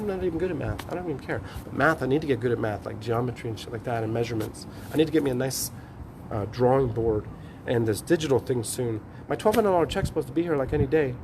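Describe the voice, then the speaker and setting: A man ranting in a rambling, profane, preachy vlog monologue, talking excitedly to his phone camera. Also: a little high, background noise. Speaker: vlogger. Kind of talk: rambling selfie-video monologue. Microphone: phone on a tripod.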